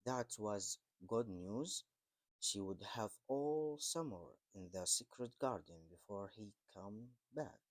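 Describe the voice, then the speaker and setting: Male storybook reader, unhurried and deliberate, dry close-miked sound. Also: fairly low pitch, lively intonation, dry recording. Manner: slow, deliberate, halting with restarts. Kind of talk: storybook reading.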